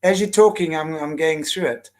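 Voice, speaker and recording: Emotional, halting woman host. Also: sits low, darkish tone. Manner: emotional, halting, with repeated restarts. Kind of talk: interview conversation.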